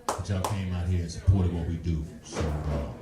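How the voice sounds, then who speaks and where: A man from Nashville doing a stand-up set on a club stage, relaxed and drawling, often saying "man" and "y'all". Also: low-pitched, moderate pace, far from the mic. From Nashville, Tennessee. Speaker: headlining stand-up comedian. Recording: echoey club with music behind.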